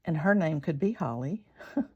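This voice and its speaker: A woman's voice: low voice, expressive, moderate pace, slightly rough, muffled recording. A woman hosting a crafting vlog, chatting casually and thinking aloud as she works, sometimes whispering letters while she writes. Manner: spells words out in soft whispers as she writes. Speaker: craft channel host.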